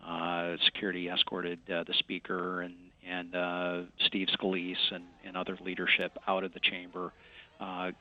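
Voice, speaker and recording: A congressman giving a remote news interview, speaking haltingly with many fillers and restarts. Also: sits low, phone-quality sound. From West Michigan.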